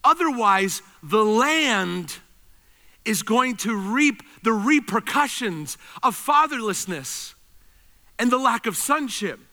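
A man preaching a sermon, animated, swinging between loud emphasis and quiet intensity. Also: extremely high pitch, slow pace. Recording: reverberant hall.

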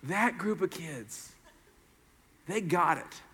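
A middle-aged man preaches and tells a story from the pulpit. He acts out the people in it in a high, very lively voice. A long reverb from a large hall trails behind him. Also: a little fast. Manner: animated storyteller acting out voices. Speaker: pastor. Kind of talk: sermon storytelling.

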